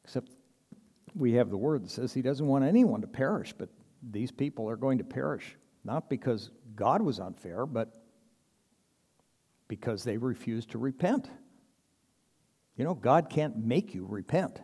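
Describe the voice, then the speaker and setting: A man's voice: medium pitch, expressive, measured pace, long pauses, mellow, husky, big-room sound. A man preaching a sermon in a conversational, earnest way, acting out little quoted exchanges and chuckling now and then. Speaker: pastor.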